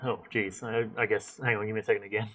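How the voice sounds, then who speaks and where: A young man with a fairly low voice chats casually while streaming a game. He rambles and thinks out loud, trailing off into fillers and restarting his sentences. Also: flat delivery, fast, a little hiss or hum. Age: young adult. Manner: rambling, chatty, thinks aloud with many fillers. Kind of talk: casual gameplay commentary.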